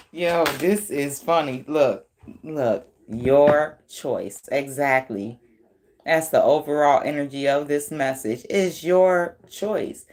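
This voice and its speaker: A woman's voice: low-pitched, slow pace, darkish tone. A woman giving a casual tarot reading, blunt and profane, laughing often as she talks. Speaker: tarot reader.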